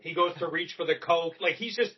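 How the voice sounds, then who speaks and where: A young man co-hosting a casual movie podcast, swearing freely and acting out lines from the film with excitement. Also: a little high, fairly quick. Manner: excited, swears a lot, acts out movie quotes. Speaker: podcast co-host. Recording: distant mic, dull lo-fi sound.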